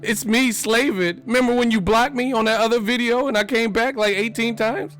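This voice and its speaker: A man's voice: very high-pitched, moderate pace, fairly bright tone, soft background music, voice pushed up. A man doing an obsessed, whiny superfan. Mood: clingy pleading. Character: obsessed clingy male fan, whiny and pleading.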